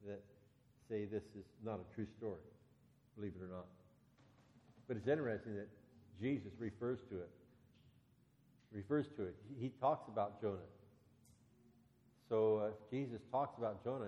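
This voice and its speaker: A man preaching a sermon, retelling a story in a conversational, storytelling way and getting animated when he voices the characters. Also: mid-range voice, big-room sound, highs cut off.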